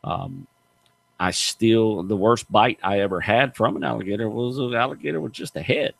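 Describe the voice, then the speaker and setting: Creaky and on the low side, a middle-aged man speaks at normal speed. He hosts a radio show and hunts gators, and in casual radio chat he tells stories animatedly, with a folksy, emphatic flair.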